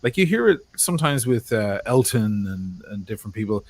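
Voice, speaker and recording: A man's voice: fairly low pitch, big pitch swings, a little fast, a crowd in the background. A man with a Dublin Irish accent telling stories in a casual chat, swearing freely. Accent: North Dublin Irish. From Ireland. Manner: chatty storyteller, swears freely. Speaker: podcast host.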